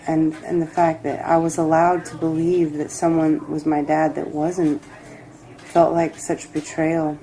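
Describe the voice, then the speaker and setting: A woman giving a personal tarot reading, reflective and emotional, rambling with pauses. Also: low-pitched, flat delivery, mellow, poor audio. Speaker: tarot reader.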